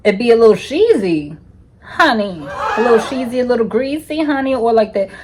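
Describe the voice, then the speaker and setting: A woman's voice: a little high, expressive, normal speed, darkish tone, husky. Sassy woman telling a raunchy story. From United States. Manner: sassy, profane, calls listeners honey constantly. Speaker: storytime vlogger. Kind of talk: casual storytelling.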